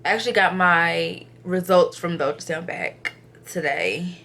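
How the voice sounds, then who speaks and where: A young woman vlogging to camera, retelling an ultrasound visit casually, acting out what others said, sometimes subdued and low in energy. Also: normal speed, creaky. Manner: animated retelling, acts out others' quotes, filler-heavy.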